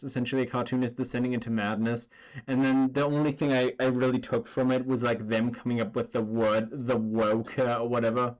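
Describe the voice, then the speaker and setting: A man rambles casually while drawing on a stream, his speech packed with fillers and the occasional curse. His pitch is ordinary and mid-range, and the recording comes across as somewhat dull and lo-fi.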